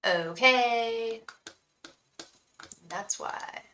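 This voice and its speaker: Bright-voiced chatty woman tarot streamer. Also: a little high, drawn-out words, reverberant, slight background noise, poor audio. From San Francisco Bay Area. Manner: chatty, venting, repeats a chanted invocation. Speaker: tarot reader hosting a live stream. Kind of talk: casual live-stream chat.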